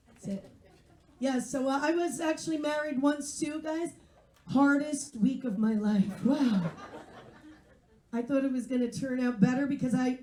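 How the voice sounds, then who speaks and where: A woman's voice: sits high, warm tone, echoey room. A woman in her forties performing a stand-up comedy set, wry and self-mocking as she chats with the crowd. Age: 40s. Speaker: stand-up comedian and English teacher. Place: live comedy venue.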